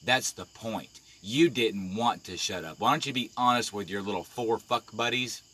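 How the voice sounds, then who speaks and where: A man's voice: lowish voice, fairly bright tone. Furious, foul-mouthed man ranting. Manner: profane, confrontational, heated. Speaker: live-stream vlogger. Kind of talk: angry live-video rant.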